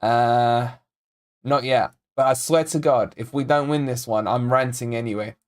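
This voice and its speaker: A Scottish-born man hosts a live football watch-along for a fan channel, chatting excitedly and reading out viewers' comments, names, and predictions. His voice is medium-pitched and moderately paced.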